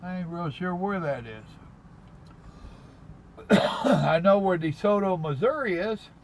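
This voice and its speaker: Talking animatedly in a high-sitting voice, a man on a casual live stream reads his viewers' comments from the cab of his parked truck. He's a truck driver with a slow, folksy drawl who calls people "brother," and the recording is low quality with slight background noise.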